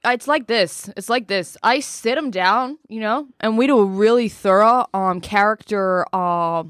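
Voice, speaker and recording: A woman, appearing as a studio guest, improvises a comedy role-play as a brash, boastful American male self-help mentor, rambling cockily and full of fillers. Her mid-range voice is unhurried and close to an everyday voice, recorded dry with studio quality.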